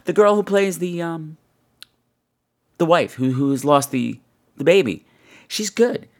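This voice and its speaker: Brief: ranting film-review podcast host, animated, swings wildly in pitch, profane and blunt. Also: measured pace. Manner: animated, acts out scenes with exaggerated voices.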